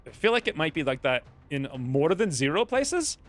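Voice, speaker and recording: Faint music plays behind a man streaming a strategy game, his fairly high voice sing-song at a normal speed. He chats casually, rambling and distracted, with storytelling asides.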